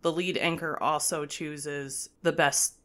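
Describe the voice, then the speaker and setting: A woman guest in casual podcast chat, with a fairly low voice for a woman. She explains things plainly and delivers her jokes in a dry, matter-of-fact way. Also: flat delivery, slow pace, fairly bright tone.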